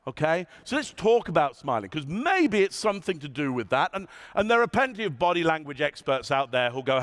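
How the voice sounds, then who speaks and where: A man giving a conference keynote in a large hall, animated and asking the audience questions, sometimes dropping his voice low and soft to show a point. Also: a little fast, few pauses. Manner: demonstrates tones, drops voice low and soft. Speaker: keynote speaker.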